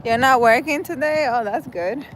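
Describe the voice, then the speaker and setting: A tired woman hosting a relaxed livestream, chatting with viewers and answering their comments while walking through a park. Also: high voice, normal speed. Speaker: livestream host. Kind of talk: casual chat with viewers. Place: outdoors in a park. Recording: loud wind noise outdoors on a phone. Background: loud wind noise.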